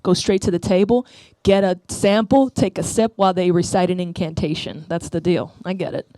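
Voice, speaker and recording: On a comedy club stage, a stand-up comedian from the Bronx, a woman in her thirties, delivers a meandering, self-mocking set into the mic, frequently tossing in "right?" Her low-leaning voice is mellow, her pace moderate, and there's no echo.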